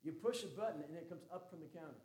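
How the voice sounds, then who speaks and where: Man, Baptist pastor, sermon, high voice, folksy, joking, emphatic. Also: lively intonation, fast talker, darkish tone.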